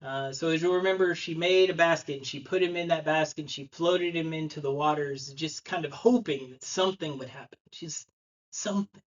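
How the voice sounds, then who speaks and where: A slightly high-voiced man in his thirties talks a bit fast while preaching in a church sanctuary, heard through a muffled recording. His sermon unfolds as conversational storytelling, with quotes acted out.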